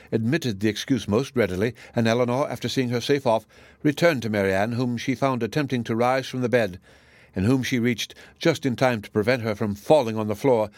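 Reading a classic novel aloud, a male audiobook narrator keeps a measured, even manner. His voice is mid-range, and there's no echo.

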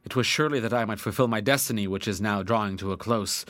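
A man's voice: on the low side, quick pace, fairly bright tone, dry recording. A man narrating a classic novel in the first person, in an earnest, dramatic way with old-fashioned diction. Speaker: audiobook narrator.

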